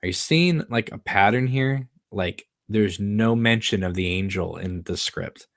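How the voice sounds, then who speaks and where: A man's voice: on the low side, a little slow, fairly bright tone. A man hosting a live stream, reading a screenplay's stage directions aloud in a plain, matter-of-fact way, sometimes stumbling over words.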